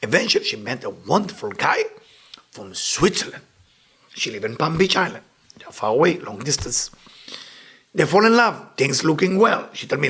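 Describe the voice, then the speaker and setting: A male Kabbalah teacher leaps up and down in pitch as he tells his stories, his voice bright and gravelly. His husky tone leans hard on each point. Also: moderate pace, long pauses. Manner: animated, emphatic storytelling. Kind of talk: lesson with storytelling.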